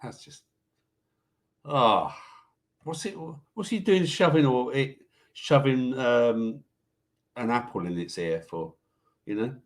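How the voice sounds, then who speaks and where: A man's voice: mid-range voice, expressive, slow pace, pauses often. A man hosting a casual live show, rambling through viewer comments and news items in an offhand, swearing way. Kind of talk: casual livestream chat.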